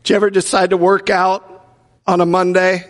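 A man's voice: high voice, completely flat delivery, normal speed. A male pastor preaching a sermon with humorous storytelling, acting out the voices of the people in his stories. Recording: long reverb from a large hall.

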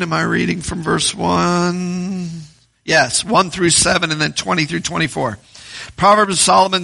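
Bright, gravelly-voiced preaching man. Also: fairly high pitch. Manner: reads scripture aloud, asks the congregation questions. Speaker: pastor. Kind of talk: sermon.

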